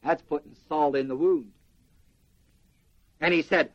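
A man preaching a sermon in an animated way, quizzing the congregation with questions. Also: on the high side, measured pace. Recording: dull lo-fi sermon recording.

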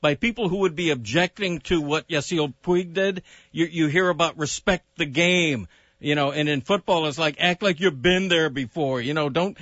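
An older male sports radio co-host in studio banter who starts halting and repeats words. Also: fairly high pitch, fairly bright tone, dry recording, lo-fi sound.

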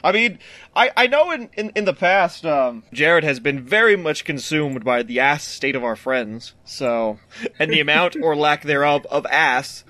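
A man's voice: on the high side, lively intonation, a little slow, bright, forceful tone, no echo. A man co-hosting a podcast in casual chat, joking and laughing often. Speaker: podcast co-host.

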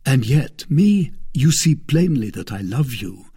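A man's voice: mid-range voice, big pitch swings, measured pace, dark tone, slightly rough, voice pushed up, full character voice. A man doing an ardent young gallant. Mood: earnest. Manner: passionate, declaiming, earnest. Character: bold, ardent young male suitor, gallant.

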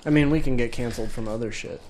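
Man hosting a podcast, crude banter, loud laughs, mid-range voice, crowd noise behind. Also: mid-range voice, fast. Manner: crude, laughs loudly and often. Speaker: podcast host.

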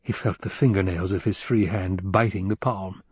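A man reading a story aloud in a measured, unhurried narration. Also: sits low, steady tone, a little mellow, slightly rough, no room sound. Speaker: audiobook narrator. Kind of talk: scripted narration.

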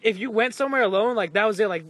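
A man's voice: high-pitched, rapid-fire, fairly bright tone. A young man telling stories in a casual chat, rambling with lots of "like" and swearing, often laughing. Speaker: podcast co-host.

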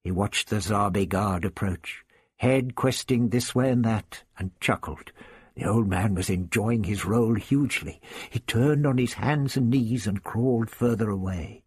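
Husky male audiobook narrator. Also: lowish voice, no echo. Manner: steady, measured storytelling. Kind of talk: scripted narration.

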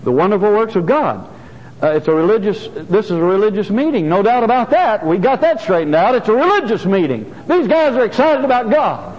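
Older preacher with a high, lively voice. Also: male voice, brisk, in a large hall, muffled recording. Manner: earnest preaching, repeats key phrases for emphasis. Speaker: pastor. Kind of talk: sermon. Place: church sanctuary.

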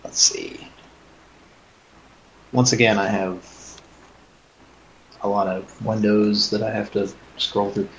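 A man's voice: on the low side, little pitch movement, takes it slowly, long pauses, low-quality recording. A man hosting a live stream in casual chat, rambling and hesitant with self-mocking humor.

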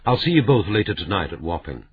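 A man reading a calm, businesslike police commander. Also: lowish voice, quick pace, a little hiss or hum. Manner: ordinary, businesslike, composed. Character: calm senior police commander, matter-of-fact. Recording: narrow, phone-like audiobook sound.

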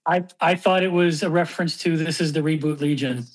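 A podcast co-host describing small details in comic panels, with halting restarts. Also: mid-range voice, fairly even intonation. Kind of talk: casual chat.

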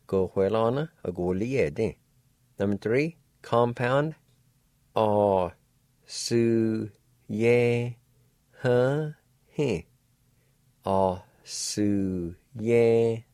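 A man giving a radio language lesson, spelling words and slowly sounding out each syllable in a patient, encouraging way. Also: lowish voice, a little mellow, no echo, clean studio sound. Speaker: language teacher.

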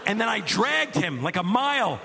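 A man in his forties performing a stand-up comedy set, telling stories deadpan and building to loud absurd bits. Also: high-pitched, moderate pace, gravelly, heavy background noise.

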